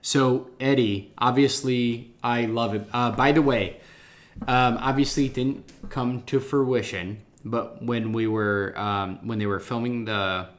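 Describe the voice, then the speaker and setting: A man's voice: mid-range voice, steady tone, unhurried. Enthusiastic male podcast host full of ums. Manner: enthusiastic, many filler ums. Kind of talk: casual book-discussion chat.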